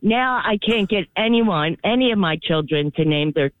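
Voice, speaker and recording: A woman's voice: mid-range voice, lively intonation, moderate pace, no echo, phone-quality sound. A woman in her sixties with a Philadelphia accent, a self-deprecating caller chatting on a radio show. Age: 60s. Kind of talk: phone-in chat.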